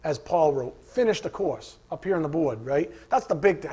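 A pastor preaching a sermon, mixing Scripture with animated personal stories and rhetorical questions. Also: male voice, on the high side, fairly quick, hardly any pauses, husky. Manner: animated storytelling with acted asides and rhetorical questions.

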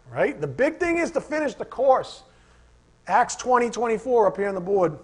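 A pastor preaching a sermon, mixing Scripture with animated personal stories and rhetorical questions. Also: male voice, sits high, unhurried, pauses often, slightly rough. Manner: animated storytelling with acted asides and rhetorical questions.

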